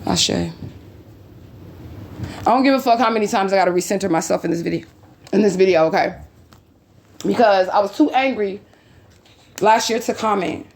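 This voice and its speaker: A woman vlogger from St. Louis, USA, speaks at medium pitch and moderate pace, with long pauses, in an emotional vlog recounting old messages. Upset and agitated, she is blunt and profane, and she keeps throwing in emphatic "okay?" asides.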